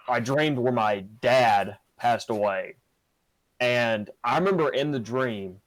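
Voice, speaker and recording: A man's voice: fairly low pitch, no echo, low-quality recording. A young man hosting a podcast, telling a personal story casually with many fillers and restarts. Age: young adult. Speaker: podcast host.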